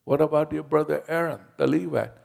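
A man's voice: on the high side, steady tone, a little fast, creaky, darkish tone, voice pushed up. A man voicing God as a commanding, reassuring figure speaking to a reluctant prophet. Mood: insistent. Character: commanding male God, patient but firm.

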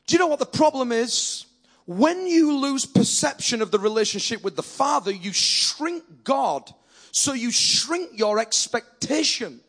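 A man preaching a sermon, telling a story and then building up to forceful, animated preaching. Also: very high-pitched, breathy edge.

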